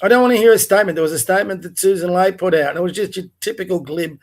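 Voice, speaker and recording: An Australian man with a fairly high voice delivers a furious rant on his livestream. He talks bluntly, swears often and fires off heated rhetorical questions. He sounds like he is speaking from home. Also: racing. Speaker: livestream host. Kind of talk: angry political rant. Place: home, in front of a TV.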